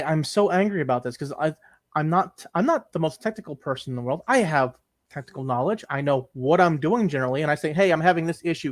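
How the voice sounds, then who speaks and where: A young man with a slightly higher-than-usual voice rants through a casual podcast chat. He swears freely and acts out his frustrating calls to tech support. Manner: exasperated ranting, swearing, acting out phone calls. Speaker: podcast co-host.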